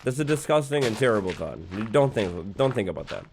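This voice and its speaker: Young guy talking over his game, mid pitch, rambly and jokey, lots of likes and uhs. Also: very animated, fairly quick, vocal fry, background noise. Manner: rambling, joking, full of fillers and mock-innocent asides. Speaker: let's play host. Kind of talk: casual gameplay commentary.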